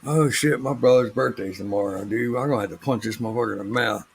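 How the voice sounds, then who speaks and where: A man's voice: medium pitch, fast, vocal fry, breathy edge. A young man hosting a live stream, chatting casually with friends in a laid-back, profane way and laughing often. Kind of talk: casual banter among friends.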